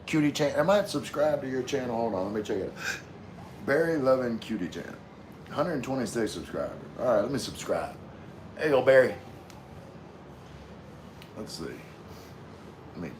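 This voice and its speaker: A man's voice: medium pitch, expressive, normal speed, pauses often, slight background noise. Laid-back, slangy man chatting on a stream. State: drinking. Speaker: livestream host reading chat. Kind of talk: casual livestream chat.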